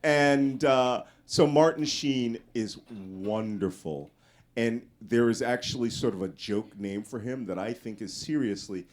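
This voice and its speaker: A man's voice: mid-range voice, measured pace. A man giving a casual, anecdotal talk as a guest speaker to a live audience, often raising his voice to act out the people in his stories. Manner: animated storyteller, voices quoted people loudly.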